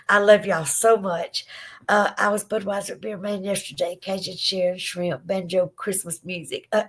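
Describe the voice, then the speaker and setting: A woman's voice: medium pitch, fairly bright tone. A Southern woman hosting a live podcast, chatting affectionately and emotionally with viewers after she has been crying. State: teary from crying. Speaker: livestream podcast host. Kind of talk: casual chat to live viewers.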